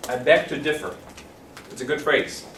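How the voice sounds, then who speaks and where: Animated male teacher in an echoey classroom. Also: on the high side, a little hiss or hum. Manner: animated, repeats phrases slowly for students. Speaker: English teacher. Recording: roomy classroom from a distance.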